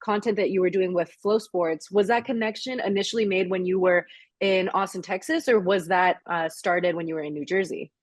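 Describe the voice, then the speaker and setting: A woman's voice: on the low side, fairly even intonation, fairly quick, dry recording. A young woman from Virginia hosting a casual interview in an upbeat way. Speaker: interviewer, host.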